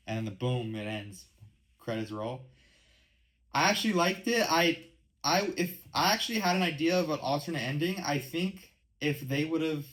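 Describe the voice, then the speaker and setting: A man's voice: medium pitch, fairly bright tone, low-quality recording. A man in his twenties hosting a casual solo podcast, rambling with lots of "like" and "um". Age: 20s. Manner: rambling, heavy use of "like" and "um". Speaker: podcast host.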